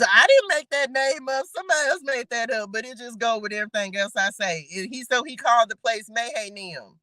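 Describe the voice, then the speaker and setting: Bright, chatty woman leading Bible study. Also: a little high, expressive, brisk, few pauses, no echo. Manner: chatty and playful, laughing, talking straight to viewers. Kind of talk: casual livestream Bible study, reading scripture aloud.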